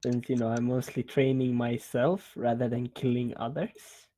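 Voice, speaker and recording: Male player, casual, mid-pitched voice, quick to curse, defends his character's choices. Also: level tone, warm tone. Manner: joking, swears, argues his character's case. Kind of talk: casual tabletop game chat.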